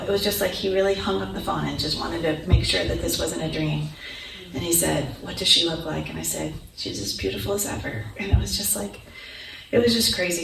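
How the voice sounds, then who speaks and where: Middle aged lady telling her story in a big echoey hall, kinda gravelly, mic far off, noisy. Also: low-pitched. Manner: animated storyteller, acts out quoted voices. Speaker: conference speaker. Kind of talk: personal testimony. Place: conference hall.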